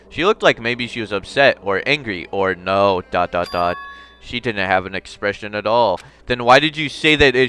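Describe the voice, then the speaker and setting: A man's voice: fairly low pitch, bright, forceful tone, a little hiss or hum. A young man playing through a game on video, reading its text aloud with jokey asides. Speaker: gamer. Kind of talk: let's play commentary and text reading.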